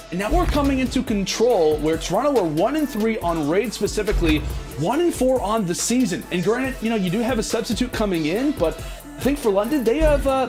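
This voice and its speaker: High-pitched guy casting esports, chatty, music playing under him. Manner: chatty, filler-heavy, builds excitement. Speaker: esports caster. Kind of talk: live esports play-by-play and analysis.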